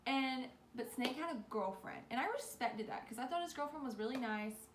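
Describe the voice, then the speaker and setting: A young woman chats through a storytime in a rambling, animated way, stacking up "like" as she goes. Her voice sits a touch high. She sounds a little roomy and echoey, with a faint hum of ambience behind her. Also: moderate pace. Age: young adult. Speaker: vlogger. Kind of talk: casual storytime. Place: bedroom.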